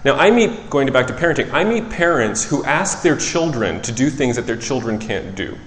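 A man preaching a sermon in a relaxed, conversational way, who often corrects himself and tells stories from his work as a child psychologist. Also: medium pitch, normal speed, a little hiss or hum. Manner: conversational, self-correcting, animated storytelling. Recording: echoey hall with long reverb.

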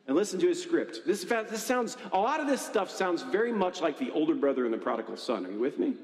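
A man preaching a sermon in a conversational, animated way, often checking in with the congregation. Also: high voice, brisk, few pauses. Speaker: pastor. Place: church hall. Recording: echoey hall with long reverb.

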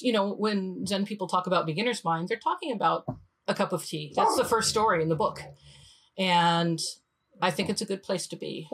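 A woman in her fifties talking as a podcast guest. She is an animated storyteller who slips into the voices of her characters. Her pitch sits mid-range for a woman. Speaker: guest, design leader.

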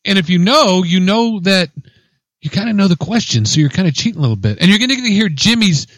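A man's voice: sits high, lively intonation, quick pace, fairly bright tone, dry recording. A man co-hosting an internet radio show, chatting casually, laughing and swearing through loose banter. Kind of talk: casual chat.

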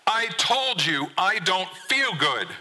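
A man's voice: mid-range voice, expressive, normal speed, pushed and bright, voice pushed up. A man voicing an upset teenage boy. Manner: pleading, raised strained voice. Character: upset thirteen-year-old boy refusing to work.

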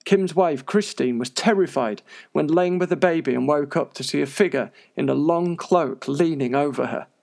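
Male presenter for scripted narration: wry and sarcastic, with a gravelly voice. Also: fairly high pitch, moderate pace, darkish tone. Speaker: paranormal news presenter.

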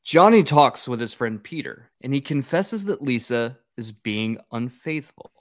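A man's voice: mid-range voice, expressive, measured pace. A man in casual podcast chat, animatedly recapping a movie's scenes and laughing along. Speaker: podcast host recapping a film.

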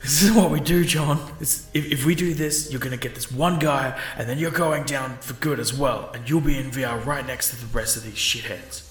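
A man's voice: mid-range voice, normal speed, few pauses, fairly bright tone, reverberant, soft background music. A man playing his character in a tabletop game, urging his partner to stop. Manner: urgent, pleading with his partner. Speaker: player.

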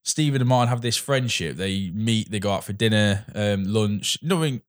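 A man's voice: on the low side, lively intonation, normal speed. A man chatting casually as a film reviewer, rambling with many restarts. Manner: rambling, restarts, acts out quoted dialogue.

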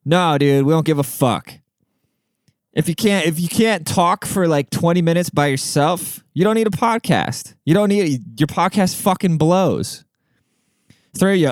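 A man's voice: fairly high pitch, animated, a little slow, dry recording, studio quality. A young man hosting a solo podcast, ranting in a brash, profane, swaggering way. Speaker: podcast host.

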